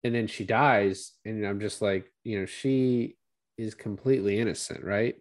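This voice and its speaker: A man chatting loosely on a film podcast, summing up scenes. His talk is relaxed and filled with "like" and quick quoted asides. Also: fairly low pitch. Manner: casual storytelling with frequent "like" and quoted asides. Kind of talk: casual film discussion.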